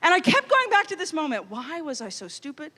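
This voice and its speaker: A woman in her thirties from Louisiana, telling a funny story as a youth conference speaker, animated and playful. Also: sits high, fairly quick. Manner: animated, comic storytelling with quoted inner voices. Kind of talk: storytelling keynote talk. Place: large hall. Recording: long hall reverb.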